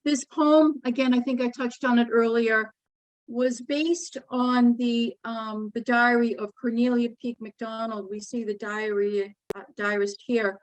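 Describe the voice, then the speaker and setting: Woman poet presenting her book, earnest and moved, slightly high pitch, dry sound. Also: steady tone, no room sound, poor audio. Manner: earnest, measured, emotionally moved. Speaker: poet and author. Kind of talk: book talk with poetry reading.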